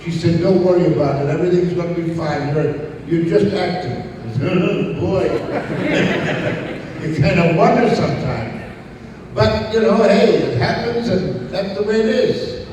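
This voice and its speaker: A man's voice: high voice, normal speed, far from the mic, background noise. An older man, a convention guest, telling salty stories to a live audience with laughing asides. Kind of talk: storytelling Q&A on stage. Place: large convention hall. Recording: echoey hall, mic heard from afar.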